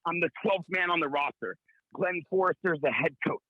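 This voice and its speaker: A man in his thirties from Southern California, calling in as a guest and telling boastful comic stories with brash, rapid-fire bravado. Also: fairly high pitch, dry recording, narrow, tinny audio. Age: 30s. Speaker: call-in guest.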